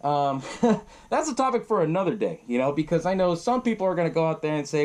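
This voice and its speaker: A man's voice: a little high, very animated, fairly quick, a little mellow. Young guy podcaster, cursing a lot, rambling through a movie plot and doing the characters' lines. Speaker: podcast host. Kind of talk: casual movie recap.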